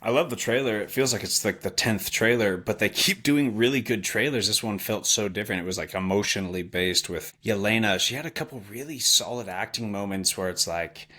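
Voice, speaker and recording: Co-host, male, lowish voice with a bright, forceful edge, eager and casual. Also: a little fast, hardly any pauses. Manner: enthusiastic, uses "like" and "dude". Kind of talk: casual chat.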